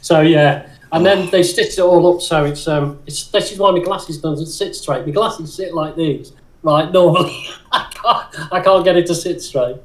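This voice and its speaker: A man's voice: a little high, moderate pace. A man in his fifties, chatting casually and telling rambling stories that he laughs through. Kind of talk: casual chat.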